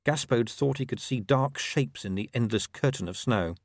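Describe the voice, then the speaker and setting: A man narrating an audiobook in an expressive, wry storytelling manner. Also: mid-range voice, moderate pace, no echo, studio quality. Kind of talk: scripted narration.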